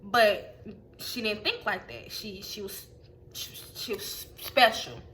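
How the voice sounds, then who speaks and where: A woman telling a profane, animated storytime to her camera in a casual vlog. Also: mid-range voice, takes it slowly, slight background noise. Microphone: phone or webcam.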